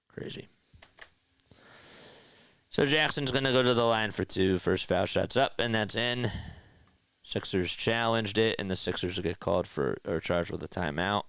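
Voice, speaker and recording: At home on a streaming mic, a man delivers an amateur play-by-play of a basketball game as a partisan fan, frustrated and exasperated with his team. His voice is low, gravelly, and a bit bright, with no room sound.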